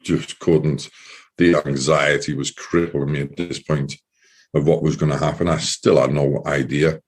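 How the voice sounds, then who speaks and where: Deep-voiced man giving earnest testimony. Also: fairly even intonation, breathy edge. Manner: earnest, halting retelling with repeated words. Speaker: guest, former soldier. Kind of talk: personal testimony in an interview.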